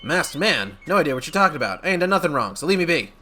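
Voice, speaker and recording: A man's voice: a little high, very animated, quick pace, bright, forceful tone, slight background noise, pitched above the performer's own voice. A man voicing a nervous, defensive young man who stammers and dodges questions. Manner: jittery, stammering, evasive.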